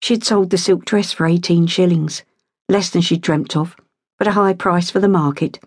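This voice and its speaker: A woman narrating an audiobook in a steady, measured storytelling voice, close to a studio mic. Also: fairly low pitch, husky, no room sound. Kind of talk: scripted narration.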